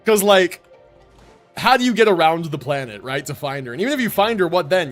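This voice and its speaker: A man's voice: fairly high pitch, expressive, fast, fairly bright tone. A man live-streaming a video game, joking and rambling through casual commentary with plenty of swearing. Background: game music.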